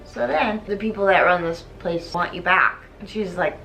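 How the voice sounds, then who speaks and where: A woman's voice: fairly low pitch, moderate pace, a bit bright, faint music behind. A tipsy young woman hosting a comic plot recap, rambling and giggly with lots of slang. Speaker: host. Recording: echoey room.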